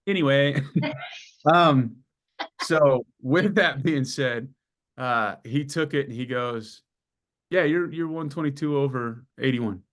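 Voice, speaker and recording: A man's voice: medium pitch, takes it slowly. A man in his forties telling his story in a casual interview, swearing freely and acting out the people in it. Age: 40s. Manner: animated storyteller, acts out dialogue, swears freely. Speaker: client giving a testimonial.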